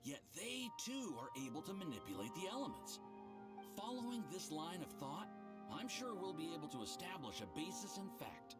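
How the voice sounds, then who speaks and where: A man's voice: sits high, big pitch swings, moderate pace. An actor playing an eager young male research assistant in a video game, with a laid-back, surfer-like way of talking. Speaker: game character. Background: game music.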